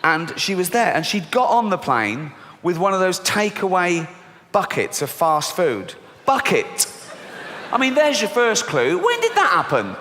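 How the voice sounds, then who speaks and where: This is a middle-aged man with an English accent performing stand-up comedy in a large theatre. His voice sits a little high and leaps all over the place as he mocks and acts out voices. The mic picks up a long hall reverb and a faint hum of the room. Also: wildly swooping pitch, a little slow, sharp tone. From England. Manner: swearing, mocking, acts out voices with big pitch jumps. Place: large theatre stage before a laughing audience.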